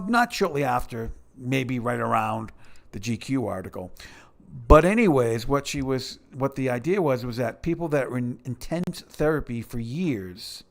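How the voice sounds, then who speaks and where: Sarcastic rambling male commentator. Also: mid-range voice. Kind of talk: casual commentary.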